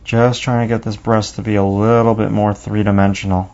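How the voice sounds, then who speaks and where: Gravelly low-voiced man teaching drawing. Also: flat delivery, a little mellow. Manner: unhurried, talks himself through each stroke while drawing. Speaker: drawing instructor. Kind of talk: step-by-step drawing lesson. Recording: dull lo-fi recording.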